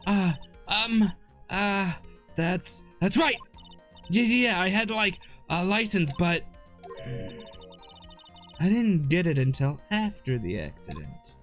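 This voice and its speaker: A man's voice: high-pitched, very animated, takes it slowly, long pauses, a bit bright, pitched above the performer's own voice, exaggerated voice. A ditzy young woman on the witness stand, as a man puts her on, who drawls and stuffs "like" between her words. Her voice swoops up and down, with faint video game music underneath. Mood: flustered. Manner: drawling, filled with "like".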